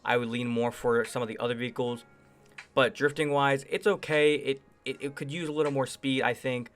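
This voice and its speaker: A man's voice: mid-range voice, steady tone, brisk, soft background music. A man hosting a gaming channel, casually rambling through enthusiastic game reviews and hedging often with phrases like "I would say.". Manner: enthusiastic, chatty. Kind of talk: casual gameplay review commentary.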